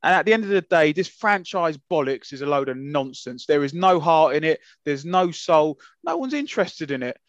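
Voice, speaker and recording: A fired-up man with a fairly high voice rants about his views on a podcast, swearing and getting louder as he goes. His voice is dull and lo-fi, and the recording sounds dry and close. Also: normal speed, few pauses, dry recording. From England. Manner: passionate, indignant, swears freely. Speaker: podcast co-host. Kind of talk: heated casual podcast rant.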